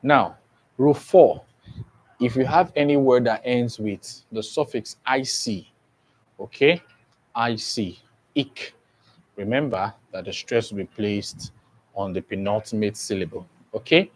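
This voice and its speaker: A male teacher who talks at a slow, deliberate pace. He spells out syllables letter by letter and keeps checking that his students follow him. His pitch sits in an ordinary middle range. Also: low-quality recording. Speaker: English teacher. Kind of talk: exam-prep grammar lesson.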